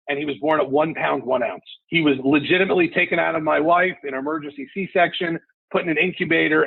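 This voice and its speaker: A man's voice: on the high side, creaky, husky, no echo. A man turning forty, a sports radio host telling a personal story on a podcast in a candid, emotional way, heard over a remote call. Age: 40s. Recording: phone-like, lo-fi call audio.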